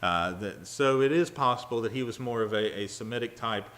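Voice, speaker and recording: A man teaching a Bible study sermon in a conversational way, with frequent fillers and restarts. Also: mid-range voice. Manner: halting, many fillers and restarts; acts out quoted lines with a raised, louder voice.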